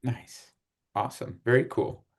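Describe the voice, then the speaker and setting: A man from Chicago hosting a casual group chat on a video call, relaxed and rambling with fillers and laughs. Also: medium pitch, measured pace. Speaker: host.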